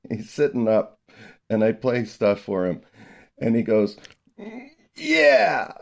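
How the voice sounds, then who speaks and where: A middle-aged man hosting a podcast about music teaching, chatting casually and telling animated stories with frequent laughter. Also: lowish voice, slow, highs cut off. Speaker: podcast host, early childhood music teacher.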